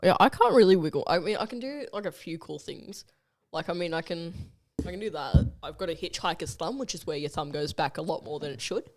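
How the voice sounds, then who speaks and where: Young podcast host: casual, blunt, swears freely, medium pitch. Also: lively intonation, fairly quick.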